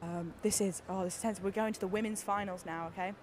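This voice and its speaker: A woman doing live sports commentary, excitable and gushing, with lots of fillers and restarts. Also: medium pitch, quick pace. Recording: busy venue noise behind.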